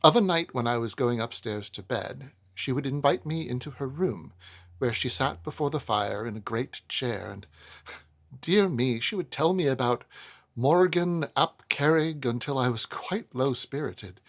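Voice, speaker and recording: A man cold-reading a classic novel aloud in first person, expressive, with chatty asides to listeners. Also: mid-range voice, unhurried. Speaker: audiobook narrator.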